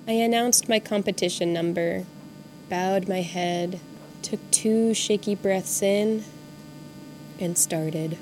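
A woman's voice: medium pitch, steady tone, takes it slowly, mellow, slight background noise. A woman in her twenties from Montana, narrating a personal story for her podcast in a reflective, candid, wry way. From Montana, USA. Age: 20s. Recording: clear music playing behind the voice.

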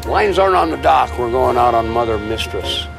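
A man's voice: mid-range voice, animated, fairly quick, creaky, music in the background. A man in his sixties talking casually and candidly outdoors, rambling and laughing easily. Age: 60s. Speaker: interviewee, boat owner. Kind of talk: casual chat. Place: outdoors, home and harbor.

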